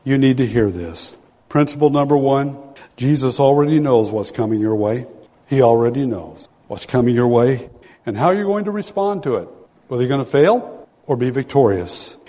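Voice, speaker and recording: Emphatic preacher with hall echo. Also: male voice, mid-range voice, expressive, moderate pace, dark tone. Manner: emphatic, repeats key phrases, storytelling. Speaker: pastor. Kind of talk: sermon. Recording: long hall reverb.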